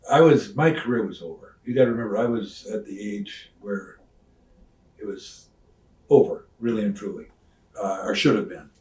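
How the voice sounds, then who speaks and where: An older retired wrestler telling stories in an interview, acting out the voices of others with loud swings. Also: male voice, lowish voice, normal speed, slight background noise. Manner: animated storyteller, acts out quoted voices, loud swings. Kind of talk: shoot interview storytelling. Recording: roomy sound, mic at some distance.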